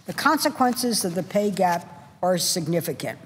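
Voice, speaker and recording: In a large legislative chamber with a long reverb, a woman senator delivers an impassioned, emphatic floor speech, driving home short repeated phrases. Her fairly low voice swings widely in pitch at a normal speed, with a little hiss or hum on the recording.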